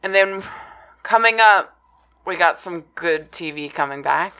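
A woman's voice: fairly low pitch, measured pace, clean tone, lo-fi sound. A woman co-hosting a podcast in casual banter, dry and sarcastic. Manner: dry, sarcastic, eye-rolling. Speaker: podcast co-host.

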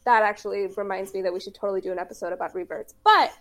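A woman's voice: medium pitch, rapid-fire. A woman co-hosting a podcast, chatting casually and explaining things at length, laughing easily. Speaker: podcast co-host. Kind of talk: casual chat.

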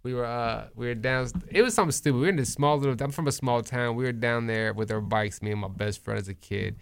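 A young man chatting casually on a podcast, telling stories in an animated way, swearing and acting out other people's voices. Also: mid-range voice, quick pace, gravelly, smooth. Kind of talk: casual storytelling chat.

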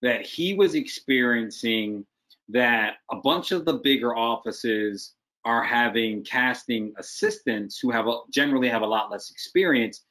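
A man's voice: mid-range voice, unhurried, a bit bright. A man working as a casting director, giving direct, emphatic advice in a video-call interview.

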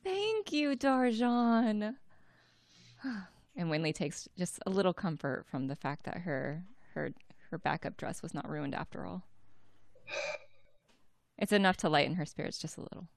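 A woman's voice: low-pitched, normal speed, vocal fry, no room sound. A woman narrating her character's actions as a player in a tabletop game, chatty and full of fillers.

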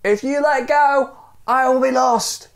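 A man's voice: very high voice, measured pace, voice pushed up. A man voicing a stranger who dangles on a rope, calling up in an insistent, pleading way. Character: eerie stranger clinging to another's rope.

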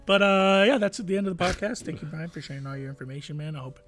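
A man's voice: fairly high pitch, quick pace, fairly bright tone. A man co-hosting a podcast, rambling and self-deprecating in casual chat. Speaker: podcast co-host.

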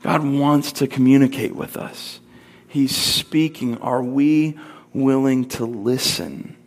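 A man in his thirties preaching a sermon, telling a family story casually and breaking into high, squeaky voice impressions. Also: slow pace.

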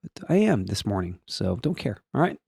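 A man's voice: moderate pace, vocal fry, very noisy. A man hosting a daily solo podcast, chatting casually in a rambling, jokey way. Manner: rambling, jokey, animated, swooping pitch. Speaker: podcast host.

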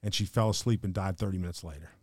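An older man, a podcast guest telling stories quickly, acting out the dialogue. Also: low-pitched, no echo, studio quality. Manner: fast, animated storyteller who acts out quoted dialogue. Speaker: podcast guest, financial advisor. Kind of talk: emotional storytelling in conversation.

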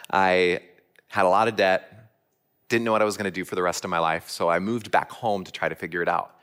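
Guy preaching a sermon, lowish voice, earnest, tells his own story. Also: steady tone, brisk, a bit bright, smooth. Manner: earnest storytelling with direct questions to listeners. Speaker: church speaker.

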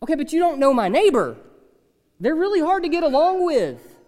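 A preacher putting on a whiny complaining churchgoer. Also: male voice, extremely high pitch, very animated, a little fast, a little mellow, big-room sound, pitched above the performer's own voice. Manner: pleading, exasperated, protesting.

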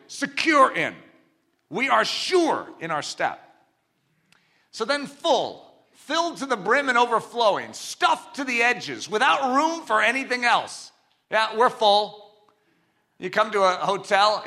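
A man's voice: extremely high pitch, bright, forceful tone. A man preaching a sermon, emphatic and full of rhetorical questions.

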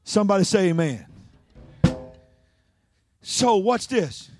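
A man preaching a sermon in call-and-response style, swinging from loud to hushed. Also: sits high, very animated, takes it slowly, music in the background.

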